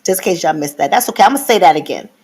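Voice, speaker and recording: Woman, middle-aged, lowish voice, live-stream host, teacherly, repeats herself. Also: lively intonation, rapid-fire, a little mellow, husky. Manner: teacherly, repeats points and addresses viewers directly.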